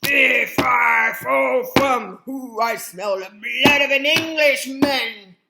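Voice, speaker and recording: A woman voicing a huge, bad-tempered male giant who booms his chant slowly for a storybook reading. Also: vocal fry, roomy sound, heavy background noise, full character voice. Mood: grumpy. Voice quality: booming, drawn-out chant.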